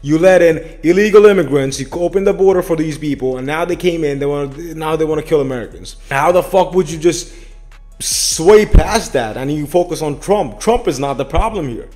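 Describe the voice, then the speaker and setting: A man's voice: a little high, normal speed, a little mellow. A man hosting a casual political reaction commentary, blunt and profane, often adding "man" and "bro.".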